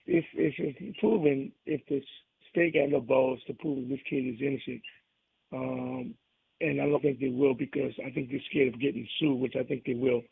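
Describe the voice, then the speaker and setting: A New Orleans man with the local accent calls into a radio show, rambling in a folksy way and restarting often. His mid-range voice is creaky with a breathy edge, coming through a tinny phone line with no echo.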